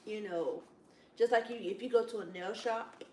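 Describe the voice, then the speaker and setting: A woman in casual chat at a Bible study, telling rambling, animated stories with lots of "it's like, wow.". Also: mid-range voice, normal speed, a little hiss or hum. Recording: echoey room, distant from mic.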